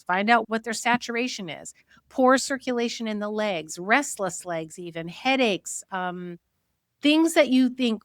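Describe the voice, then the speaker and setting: A woman's voice: medium pitch, fairly bright tone, clean tone, no echo, clean studio sound. A woman host teaching fellow practitioners in a conversational, explanatory way, often quoting what patients say. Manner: chatty, explanatory, quotes patients in a lifted voice.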